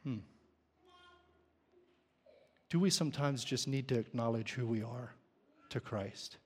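A man's voice: mid-range voice, moderate pace, darkish tone, husky. A man preaching a sermon, often asking the congregation questions. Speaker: pastor. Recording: long hall reverb.

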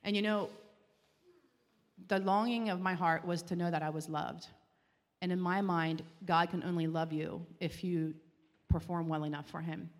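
A woman telling her personal Christian testimony in an earnest, heartfelt way, with halting restarts. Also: on the low side, steady tone. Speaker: speaker giving a Christian testimony. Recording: long reverb, as in a large hall.

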